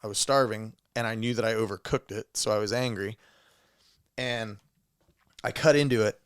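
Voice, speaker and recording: With a smooth, lowish voice at normal speed, a man co-hosting a laid-back podcast tells an animated story. He curses heavily and performs sound effects along the way.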